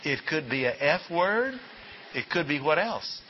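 A man's voice: a little high, big pitch swings, measured pace, pushed and bright. A man teaching a Bible class in a folksy way, quizzing his listeners with rhetorical questions. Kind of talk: classroom lecture. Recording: dull lo-fi recording with faint hiss.

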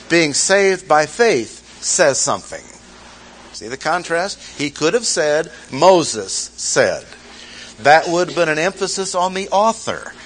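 A Bible teacher delivers an expository sermon with emphasis, asking the audience questions and repeating key phrases. His voice is fairly high and fairly bright, and the poor recording carries a little hiss or hum.

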